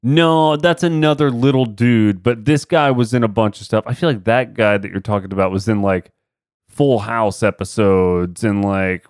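Podcast co-host, man, lowish smooth voice, dry close sound, loose chatty recap. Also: normal speed, no echo. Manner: laughing, loose, acts out quotes. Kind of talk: casual chat recapping a TV episode.

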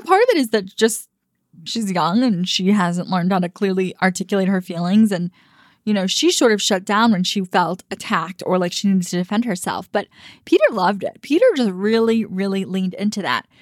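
A woman's voice: mid-range voice, no room sound, studio quality. A young woman, a dating coach, giving frank and emphatic casual commentary with frequent fillers and some swearing.

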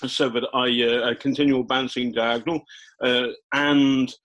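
An older man recounts his reporting days in a loose, conversational way, stopping and restarting often with plenty of ums. His voice sits at an ordinary middle pitch. It sounds like a remote podcast guest. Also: flat delivery, a bit bright, low-quality recording. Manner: halting, many fillers and restarts. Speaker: guest journalist. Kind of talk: casual interview storytelling.

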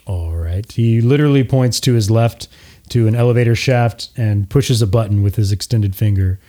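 A man narrating a tabletop game as game master, relaxed, with frequent filler words. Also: on the low side, moderate pace.

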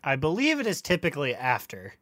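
A man co-hosting a casual gaming podcast, playful and teasing, with loud exclamations. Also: on the high side, huge pitch swings, fairly quick, dry recording, studio quality. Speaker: podcast co-host. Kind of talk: casual chat.

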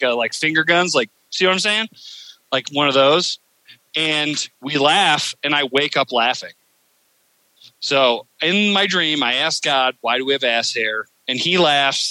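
A man's voice: on the high side, sharp tone, no echo, low-quality recording. A man hosting a podcast, telling a rambling, profane story full of fillers in casual chat. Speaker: podcast host.

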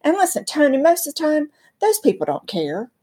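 Her voice is high-pitched and dark in tone, swooping wildly in pitch at a moderate pace. She's a Southern-accented guest from North Carolina giving earnest, conversational faith teaching in an emphatic, storytelling, preacher-like style.

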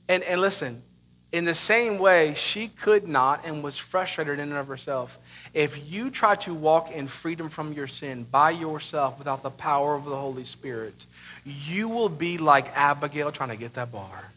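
A man in his thirties preaching a sermon as pastor, emphatic, with sudden loud bursts and rhetorical questions. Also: on the high side, expressive, moderate pace.

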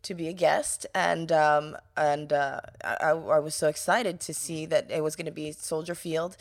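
This is a woman from New York, a guest in a relaxed interview, and her voice sits slightly low. She talks in a loose, chatty way. She brings her stories to life by acting out what other people said. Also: normal speed. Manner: chatty storyteller, acts out quoted voices. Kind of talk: casual interview chat.

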